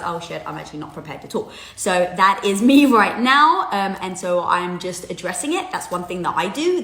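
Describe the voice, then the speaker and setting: Woman, live-stream host, mid-pitched, candid and animated, casual motivational talk, echoey room. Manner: candid, animated, frequent fillers, swears casually. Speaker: host of a live social media video. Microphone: headset or phone mic.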